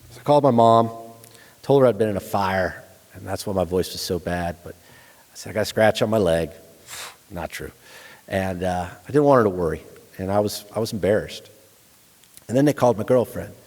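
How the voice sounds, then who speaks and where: A middle-aged man with a lowish voice tells his own war story to a lecture audience. He speaks frankly and conversationally, with blunt soldier humor. His words ring out with the long reverb of a big hall. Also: normal speed, pauses often, a little mellow. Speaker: guest lecturer, retired Army staff sergeant.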